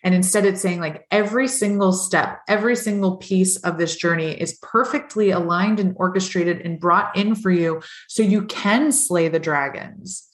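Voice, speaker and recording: A woman's voice: fairly low pitch, moderate pace, hardly any pauses. A woman hosting a podcast, chatting with enthusiasm and reflection, often acting out little quoted thoughts. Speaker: podcast host. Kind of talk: casual podcast chat. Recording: roomy, echoey room sound.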